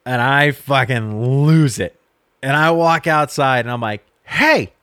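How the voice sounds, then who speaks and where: A man's voice: medium pitch, unhurried, fairly bright tone, clean tone, dry recording, studio quality. A young man, a podcast co-host, telling a long story in casual chat, quoting people and swearing freely. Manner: storytelling with swearing and quoted dialogue.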